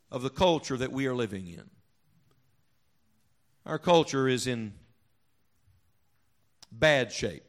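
A male pastor preaching a sermon to his congregation, leaning on rhetorical questions and call-and-response, and swinging between loud emphasis and quiet, low reflection. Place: church sanctuary before a congregation.

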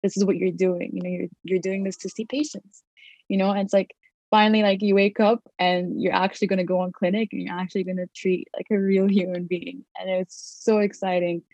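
A woman's voice: mid-range voice, little pitch movement, brisk, a little mellow, dry recording. A young woman in her twenties, a dental student, chatting casually and telling a story full of fillers and quoted thoughts.

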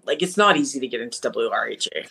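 A woman from Manitoba, a podcast guest telling her faith testimony, acting out conversations with lively animation. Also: a bass voice, quick pace, creaky, background noise. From Manitoba, Canada. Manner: animated storyteller who acts out conversations. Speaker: interview guest.

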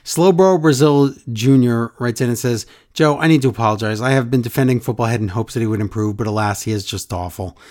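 A man's voice: medium pitch, fairly quick, hardly any pauses, a little mellow. A man hosting a casual podcast, chatting animatedly and reading listener emails aloud with jokes. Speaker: podcast host. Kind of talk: casual wrestling podcast chat.

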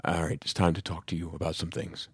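A man imitating his terse, withholding father in a flat voice during a casual podcast chat. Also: low voice, fast, breathy edge, dry recording, clean studio sound, voice pushed down, exaggerated voice. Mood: cryptic. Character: man's terse, cryptic middle-aged father.

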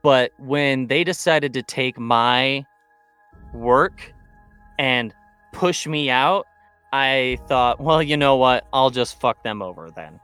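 A man voicing a smug male hacker who poses as a digital god, speaking in a calm, matter-of-fact way. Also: mid-range voice, takes it slowly, clear, resonant tone, no echo, faint music behind.

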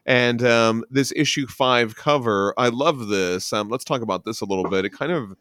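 A man's voice: medium pitch, moderate pace, fairly bright tone, smooth, no echo, clean studio sound. A man co-hosting a podcast, talking enthusiastically about a comic book, with many fillers and restarts. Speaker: podcast co-host. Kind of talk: casual comic book discussion.

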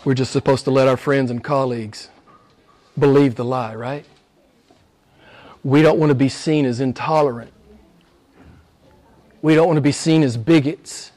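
A man preaching a sermon to his congregation. He talks emphatically and repeats phrases, dropping low and quiet and then climbing high and loud. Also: steady tone, moderate pace, long pauses.

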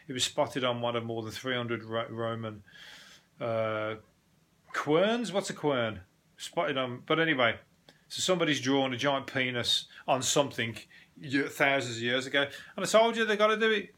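Sweary Brummie man, bright and tense. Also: medium pitch. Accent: Birmingham. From Birmingham, England. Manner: rambling and sweary, with frequent laughs and restarts. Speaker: podcast host. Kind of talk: casual comedic rant.

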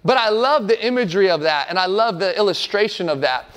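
A male pastor around forty delivers a sermon in a fairly high voice. He speaks earnestly and with emphasis, building his points through repeated phrases. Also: expressive, fast, fairly bright tone.

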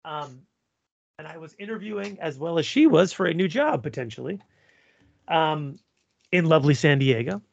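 A man's voice: a little high, moderate pace, creaky, long pauses, dry recording, dull audio. A man co-hosting a podcast who works as a pediatric ER doctor, joking crudely and rambling. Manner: crude jokes, rambling with fillers. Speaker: pediatric emergency physician and podcast co-host. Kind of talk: casual banter.

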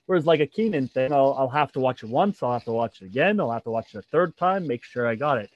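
A man's voice: mid-range voice, lively intonation, fast, dry recording. A man who competes in and teaches jiu-jitsu, talking in a casual interview with many fillers and restarts. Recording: dull, dry sound.

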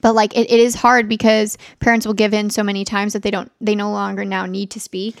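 A woman's voice: medium pitch, level tone, fairly quick, gravelly, no echo, clean studio sound. A woman speech therapist co-hosting a podcast, talking in a casual, thoughtful and supportive way. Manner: supportive, thoughtful, offers advice. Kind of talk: casual chat.

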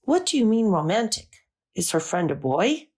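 A woman reading the part of a stern, worried mother with a thick Slavic accent and a deep, guttural, blunt way of talking. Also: sing-song, normal speed, a little mellow, breathy edge. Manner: blunt and suspicious.

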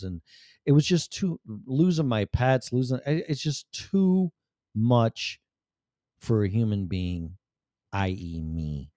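Speaking in a fairly low, mellow voice, a middle-aged vlogger gives the camera a candid personal monologue that's blunt, rambling, and profane. The sound is clean, studio-grade, and echo-free.

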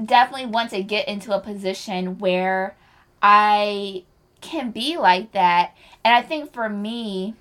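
A woman's voice: medium pitch, a bit bright. A woman co-hosting a podcast in casual chat, telling stories animatedly, acting out quotes and laughing often. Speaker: podcast co-host.

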